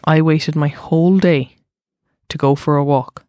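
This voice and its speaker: A woman's voice: sits low, steady tone, a little slow, dark tone, no echo. A woman with a Cork Irish accent hosting a casual chat, dry and blunt in her delivery. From Cork, Ireland. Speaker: podcast host.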